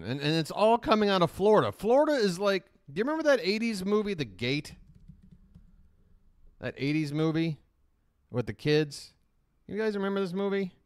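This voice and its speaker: A man's voice: a little high, smooth, no room sound, clean studio sound. A man hosting a live reaction stream, rambling in casual, profane commentary.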